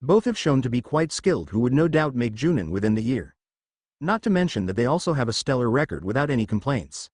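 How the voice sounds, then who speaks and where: A man's voice: medium pitch, big pitch swings, brisk, no room sound, clean studio sound. A man reading the lines of a tired, drawling male clan head.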